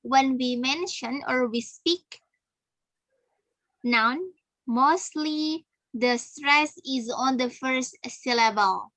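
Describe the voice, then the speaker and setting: A woman's voice: high voice, extremely slow, a bit bright, no room sound, low-quality recording. A young woman with an Indonesian accent teaching English pronunciation, mixing English and Indonesian as she quizzes her students. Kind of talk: pronunciation lesson.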